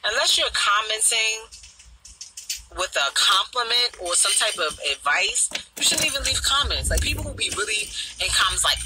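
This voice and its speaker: A middle-aged woman with a deep voice, ranting bluntly and profanely on a talk show panel, firing off mocking repeated questions. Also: lively intonation, moderate pace, over music, poor audio. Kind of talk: casual chat, ranting.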